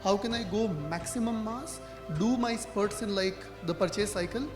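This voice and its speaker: A man with an Indian English accent talks on a conference panel, his voice notably high. He speaks conversationally, tossing in "right?" and "you know". The sound is roomy, with a long hall reverb and clear music in the background. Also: normal speed. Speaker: panelist, brand marketer.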